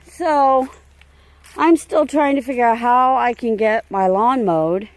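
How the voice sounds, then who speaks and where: A woman talks slowly and plainly. She sounds frustrated and emotional as she walks her wooded land outdoors. Her voice sits a little high. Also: no room sound. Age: 50s. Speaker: homestead vlogger. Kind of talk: casual vlog talk.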